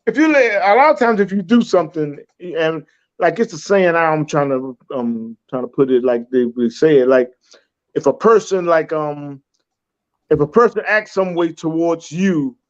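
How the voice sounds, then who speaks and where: Man, high voice, rambling and halting, muffled lo-fi sound. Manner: rambling, many fillers and restarts, laughs often. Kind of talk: casual podcast talk.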